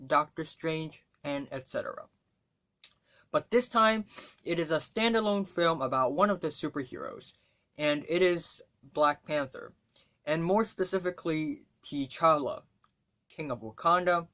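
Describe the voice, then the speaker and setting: A man's voice: a little high, fairly bright tone. Man casually reading his movie review. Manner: casual, chatty, with fillers and self-asides. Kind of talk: reading a written review aloud.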